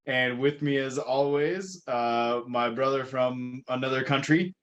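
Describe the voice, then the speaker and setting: A man's voice: medium pitch, fairly even intonation, unhurried, dull audio, crowd noise. Laid-back male podcast host. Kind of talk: casual podcast chat.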